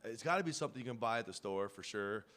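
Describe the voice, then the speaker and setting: A man's voice: lowish voice, lively intonation, quick pace, a bit bright. A man co-hosting a podcast, telling loose, profane stories in casual chat and laughing often. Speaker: podcast co-host.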